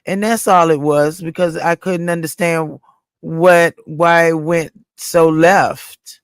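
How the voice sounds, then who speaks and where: A woman's voice: low-pitched, fairly even intonation, slow pace, clear, resonant tone, no room sound, studio quality. A woman on a livestream panel, talking earnestly and making peace. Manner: earnest, conciliatory. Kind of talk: casual chat.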